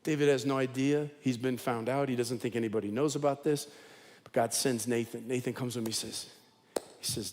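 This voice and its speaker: A man's voice: medium pitch, steady tone, brisk, a little mellow, big-room sound, a little hiss or hum. Male pastor preaching with emphatic repetition. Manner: emphatic storytelling with heavy repetition. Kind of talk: sermon. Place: church auditorium.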